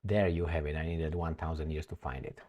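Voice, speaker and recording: A man reading news articles aloud and commenting on them in a rambling, halting way, with many fillers and muttered asides. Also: very deep voice, fairly even intonation, dark tone. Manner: blunt, mutters asides to himself. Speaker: political commentator.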